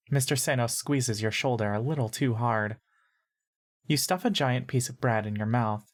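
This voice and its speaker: A woman narrating a story in second person in a calm, measured way. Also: very deep voice. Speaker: audiobook narrator.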